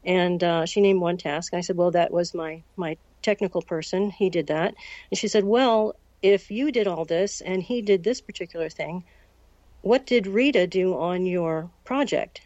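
A woman in her sixties from the United States, recounting a personal story as an interview guest in a measured way and acting out the dialogue. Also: fairly low pitch, darkish tone, dry recording. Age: 60s. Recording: dull, lo-fi recording.

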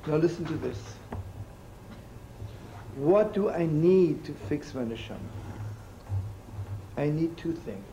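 A man preaches like a rabbi, with a folksy, joking storyteller's manner and Yiddish words mixed into his talk. His voice is gravelly and sits a little high. The recording carries a clear layer of background noise. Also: animated, takes it slowly, long pauses, muffled recording. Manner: folksy, jokey, sprinkles Yiddish and Hebrew words. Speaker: rabbi teaching. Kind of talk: storytelling sermon. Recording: noisy old recording.

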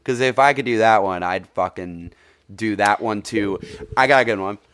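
Low-voiced man, casual podcast chat. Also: moderate pace, clean tone. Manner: swears freely, animated storytelling. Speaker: podcast co-host.

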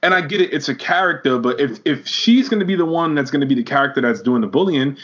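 A man with a fairly high voice rants in exasperation on a casual wrestling podcast. His delivery is heated and his sentences often stumble. The audio is dull and lo-fi. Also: animated, fast talker, a bit bright. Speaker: podcast co-host.

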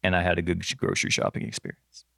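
A man's voice: low voice, rapid-fire, creaky, dry recording, studio quality. A middle-aged man co-hosting a podcast, chatting casually and acting out the quotes in his story. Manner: animated storyteller, acts out quotes. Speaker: podcast co-host. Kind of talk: casual chat.

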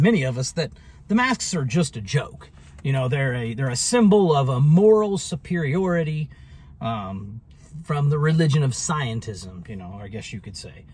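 A man's voice: on the high side, breathy edge. A man telling a story in a casual vlog monologue, rambling and sarcastic, with many restarts. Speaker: vlogger.

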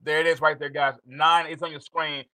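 Bright, excitable male show host. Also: fairly high pitch, brisk, dry recording, poor audio. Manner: animated, excitable, laughs often. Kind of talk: live show interview.

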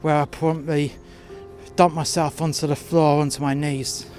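On the high side and a little mellow, this man's voice shows little pitch movement as he tells a profane, angry first-person story about a workplace incident. He's outside in sub-zero cold with faint music behind him, speaking bluntly and slowing when tired.

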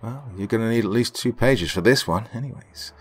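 A man's voice: medium pitch, a little fast, husky, faint music behind, lightly acted. Mean teen girl, snooty and jealous, read by a man in a storybook. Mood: snobbish. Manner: sneering, snooty. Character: snobby mean teenage girl, jealous and catty.

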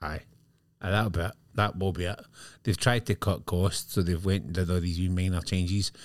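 A man's voice: deep voice, fairly even intonation, moderate pace, no echo, clean studio sound. A man with a Scottish accent, co-hosting a casual podcast chat, blunt and forever checking that he is understood. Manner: blunt, keeps asking "do you know what I mean". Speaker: podcast co-host.

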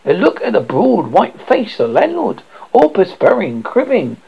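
Brief: horror host narrator, raspy and gravelly, lively pitch swings, muffled lo-fi sound. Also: male voice. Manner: halting, stumbling over words. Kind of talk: reading a ghost story aloud. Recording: dull lo-fi recording.

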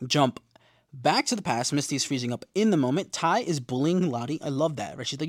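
Young male recap host, casual and profane, mid-pitched voice, dry close sound. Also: brisk, no room sound. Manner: slangy, profane, animated storytelling.

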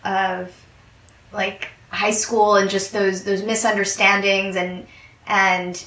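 A woman's voice: medium pitch, flat delivery, slow pace. A woman talking in a casual book discussion, thoughtful and hesitant, often restarting her sentences. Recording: bright echoey room, far from the mic, faint noise.

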